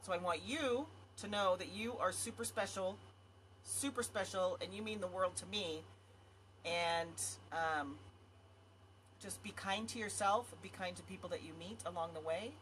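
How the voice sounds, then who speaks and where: A woman's voice: on the low side, measured pace, fairly bright tone, a little hiss or hum. A woman vlogging to her viewers in casual talk, effusive and rambling. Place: home area in Montana.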